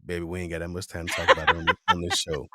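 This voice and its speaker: A man hosting a podcast in casual chat, playful and lively, egging his guest on. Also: low voice, racing, dry recording, studio quality. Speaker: podcast host.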